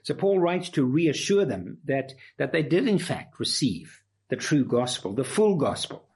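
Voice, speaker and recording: A man delivers a sermon in a husky voice that rises and falls with lively movement. He drives his points home with emphatic, repeated phrases. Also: on the high side, measured pace. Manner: emphatic, rhetorical repetition. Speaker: preacher. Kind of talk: expository sermon.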